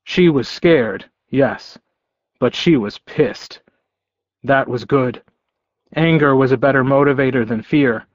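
Slow, measured male audiobook narrator. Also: medium pitch, dry recording, dull audio. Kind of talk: first-person audiobook narration.

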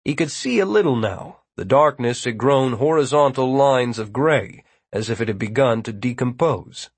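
A man narrating a novel in a measured, even reading. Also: medium pitch, husky, no echo. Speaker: audiobook narrator. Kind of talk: scripted narration.

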